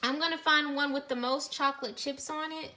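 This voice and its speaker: A woman's voice: high-pitched, fairly even intonation, a little fast, sharp tone. A woman chatting casually as a cooking vlogger in a home kitchen, gushing over her food and talking straight to her viewers. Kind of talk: casual recipe chat and taste test.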